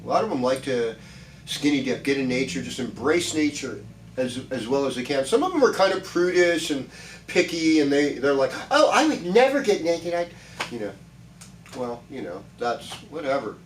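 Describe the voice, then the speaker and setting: A man's voice: medium pitch, lively intonation, moderate pace, reverberant, recorded from a distance, slight background noise, poor audio. A man giving a chatty, reassuring weekly horoscope talk, rambling with many restarts. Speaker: astrologer.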